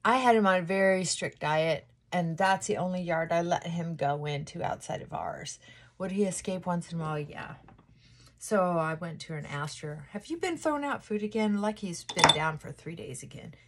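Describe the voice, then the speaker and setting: A woman's voice: lowish voice, moderate pace. A woman vlogger in a casual get-ready-with-me chat at home, rambling and cutting herself off, with frequent laughs and sighs as she does her makeup. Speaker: lifestyle vlogger.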